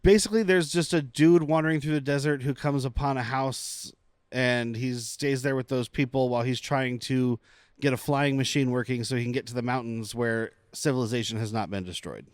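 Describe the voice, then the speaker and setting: Brief: male podcast host, smooth resonant voice, dry close mic, chatty and rambling. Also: medium pitch, fairly even intonation, brisk, no echo. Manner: chatty, laughs often, rambling asides. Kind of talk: casual film podcast chat.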